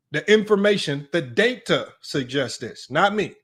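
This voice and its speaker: A man's voice: on the high side, lively intonation, unhurried, few pauses, fairly bright tone, slightly rough. A man hosting a live sports stream, reading out stats and sarcastically challenging his viewers. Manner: sarcastic, combative, addresses chat directly. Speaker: sports show host.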